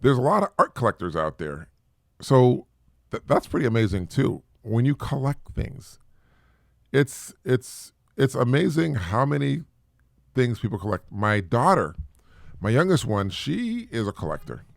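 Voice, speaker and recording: A man's voice: mid-range voice, a little slow, vocal fry, no echo, clean studio sound. A middle-aged man hosting a casual solo talk podcast, rambling and repeating himself as he chats. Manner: rambling, repeats words, lively and chatty. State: sneezing from allergies. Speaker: podcast host.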